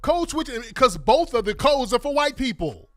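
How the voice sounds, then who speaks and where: A middle-aged man hosting a talk show, emphatic and profane, firing off rhetorical questions. His voice sits high and swings widely in pitch. The sound is dry and close, with faint music underneath. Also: sing-song, moderate pace, a bit bright, dry recording. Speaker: radio talk host. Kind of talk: opinionated talk monologue.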